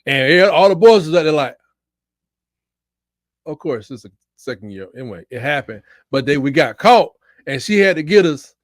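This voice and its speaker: A man's voice: fairly high pitch, sing-song, normal speed, dry recording, clean studio sound. A man co-hosting a casual sports debate, telling stories playfully and laughing often. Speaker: co-host, Alabama fan.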